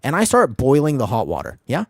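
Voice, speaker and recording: A man streaming an online game as a healer, rambling excitably through casual commentary, swearing freely and laughing often. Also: medium pitch, a little fast, no echo, studio quality. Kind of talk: casual live gameplay commentary.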